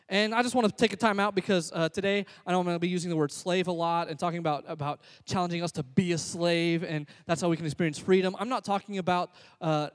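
Pastor guy preaching casual and earnest, pretty high voice, long echo of a big hall. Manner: earnest, conversational, self-deprecating preaching. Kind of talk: sermon.

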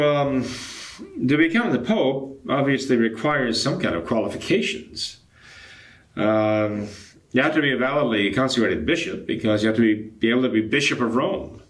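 Older priest in an echoey room. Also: male voice, medium pitch. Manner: measured, explanatory, frequent hesitations. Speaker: traditionalist Catholic priest. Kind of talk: answering a viewer's question on camera.

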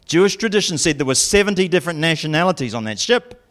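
Animated male preacher. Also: fast. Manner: animated, jokey storytelling with high-pitched mock voices. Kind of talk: sermon.

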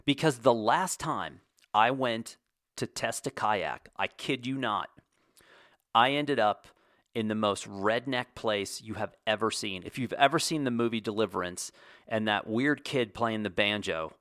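A man telling a long casual story as host, animated and acting out quoted lines in his own voice. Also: on the low side, a little slow, no room sound, studio quality.

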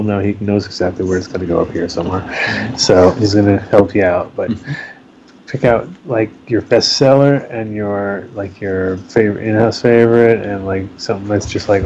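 A man's voice: fairly low pitch, a little mellow, muffled recording, a little hiss or hum. A man hosting a casual live studio podcast, rambling with frequent restarts and laughs. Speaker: podcast host.

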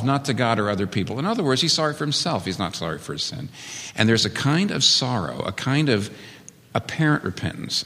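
A man's voice: lowish voice, fairly bright tone, big-room sound. A man preaching a sermon as a pastor, speaking earnestly and emphatically and building to strong emphasis.

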